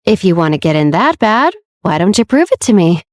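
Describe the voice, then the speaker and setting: A woman's voice: mid-range voice, big pitch swings, a little fast, dry recording, close to an everyday voice. A woman voicing a vile, vindictive male manor doorman who sneers at visitors, read in a dry, close audiobook voice. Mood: taunting. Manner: sneering, leering, then cowed.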